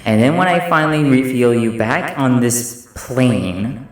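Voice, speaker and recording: A man's voice: mid-range voice, unhurried, heavy reverb, faint music behind, close to an everyday voice. A man voicing Lin, a usually playful male adventurer who is openly worried and tender, in an in-character role-play. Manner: emotional, swearing, earnest.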